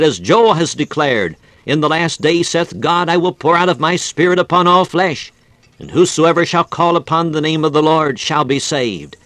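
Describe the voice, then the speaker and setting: A man preaches a fervent sermon in an old-fashioned cadence, his voice a little high for a man and fairly bright in tone. The sound is dry and close, without any room echo.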